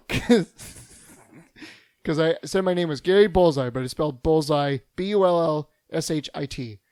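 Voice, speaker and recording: A man's voice: on the high side, a little slow, pauses often, clean tone, no echo, studio quality. A man co-hosting a casual podcast, telling stories with a lot of laughter. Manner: animated storyteller, laughs often. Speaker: podcast co-host. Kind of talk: casual banter.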